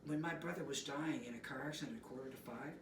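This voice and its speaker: A man from the East Coast, a musician guest telling rambling, animated stories in a casual interview. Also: mid-range voice, fast talker. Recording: roomy, distant mic, noisy.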